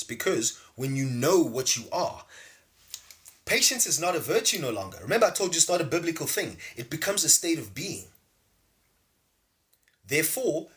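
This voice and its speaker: With a slightly high, fairly bright voice, a spiritual teacher hosts a livestream, giving a casual spiritual talk and reading viewers' names out from the chat. His manner is loose and emphatic, and he often asks "see?" to push his points.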